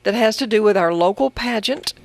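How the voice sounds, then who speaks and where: An older woman hosting a casual morning radio interview, chatty and quick to laugh. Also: medium pitch, poor audio. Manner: chatty, laughs easily, has the hiccups. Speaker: radio show host. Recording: AM radio broadcast with faint noise.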